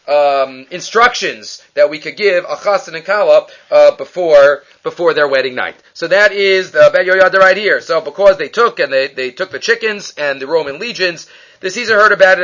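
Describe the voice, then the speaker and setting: A man teaching a Talmud lesson, reading Aramaic lines aloud and translating them into English with animated storytelling. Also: high voice. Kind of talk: daily page study lesson. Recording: dull lo-fi recording.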